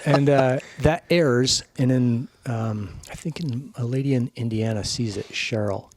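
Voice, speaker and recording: A middle-aged man on a podcast as a guest, telling stories in a casual, animated way, swearing freely and acting out what people said. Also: medium pitch, measured pace. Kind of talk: casual storytelling chat.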